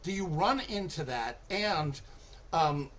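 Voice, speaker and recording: Male podcast host, higher voice, very slow and deliberate, faint background noise. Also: animated, a bit bright. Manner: slow, questioning, thoughtful. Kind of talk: casual podcast chat.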